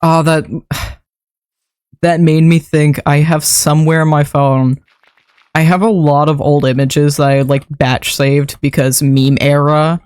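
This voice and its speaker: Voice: mid-range voice, level tone, a little slow, darkish tone, clear, resonant tone, no echo. A young adult streamer chatting casually while building in a game, rambling from one story to the next with frequent laughs and the odd swear word.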